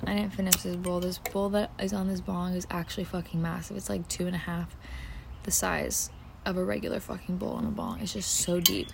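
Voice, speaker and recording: Young woman host, low and gravelly, mellow; rambling casual podcast chat with a faint outdoor hum behind. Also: level tone, fairly quick. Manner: rambling, casual, swears freely, filler-heavy. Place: outdoors in a backyard. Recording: faint outdoor background noise. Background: outdoor ambience.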